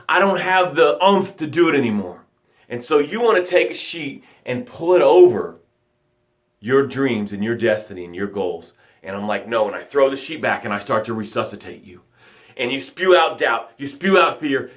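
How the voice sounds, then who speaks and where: Man, motivational coach, fairly high voice, dramatic, loud then hushed, vivid repeated phrases. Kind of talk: live motivational broadcast.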